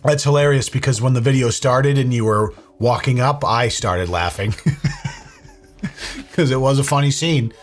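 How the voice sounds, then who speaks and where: A man's voice: mid-range voice, moderate pace, few pauses, faint music behind. A young man reacting to police bodycam footage in a sarcastic, mocking, casual way, with some swearing. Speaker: commentary host.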